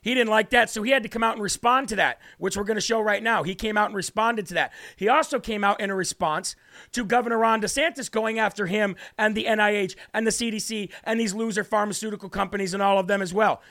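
A man's voice: high-pitched, fairly even intonation, fast talker, sharp tone. A man hosting a live political talk show, ranting in a mocking, combative way and repeating lines for emphasis.

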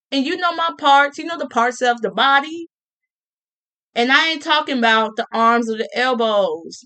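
A woman ranting casually to her viewers, sassy and animated, with colloquial speech, repeated words and mocking quoted voices. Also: sits high. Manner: colloquial, with many restarts and repeats. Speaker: vlogger. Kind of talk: casual rant to camera.

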